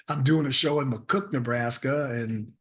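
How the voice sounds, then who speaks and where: A comedian guest tells a self-deprecating story in conversation, animated as he acts out the voices of the people in it. His voice is mid-range and he takes it slowly.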